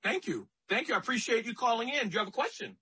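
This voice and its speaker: A man's voice: very high voice, big pitch swings, fast talker, sharp tone, breathy edge, low-quality recording. A man hosting a talk radio show, speaking in a conversational, emphatic way and often repeating himself.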